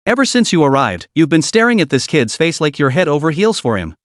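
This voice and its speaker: A man's voice: a little high, big pitch swings, a little fast, no echo, studio quality. A man voicing an arrogant middle-aged woman driver who screams insults. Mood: angry. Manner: screeching, insulting.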